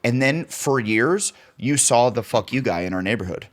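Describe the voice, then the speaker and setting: A man's voice: mid-range voice, animated, moderate pace. A middle-aged man co-hosting a podcast, telling a long, profane anecdote in casual chat and acting out the quotes. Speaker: podcast co-host.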